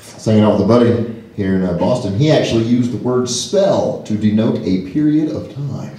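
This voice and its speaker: A man doing a stand-up comedy set to a live audience, self-deprecating and quick to jump into silly high voices. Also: warm tone, slight background noise. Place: large hall with a live audience. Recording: echoey hall from afar, crowd laughter.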